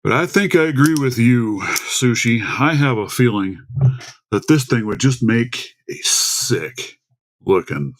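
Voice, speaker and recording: A man's voice: medium pitch, lively intonation, slow. A man hosting a casual livestream from home into a desktop microphone, rambling and chatty as he greets viewers by name. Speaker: livestream host. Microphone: desktop USB microphone.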